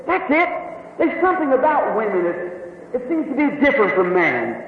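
A man's voice: very high-pitched, sing-song, normal speed, slight background noise. A man preaching a sermon, retelling a story vividly and with emphasis, often repeating himself. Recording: tinny phone-like echoey hall.

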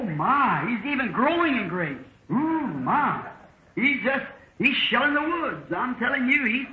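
Folksy high-voiced preacher, old echoey tape. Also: male voice, lo-fi sound. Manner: folksy storytelling preacher, acting out dialogue with shifting voices. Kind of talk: sermon.

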